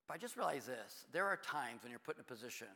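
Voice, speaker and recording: A middle-aged man preaching a sermon as pastor, shifting between quiet confiding talk and loud, urgent preaching. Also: mid-range voice, very animated, fast talker, vocal fry, in a large hall.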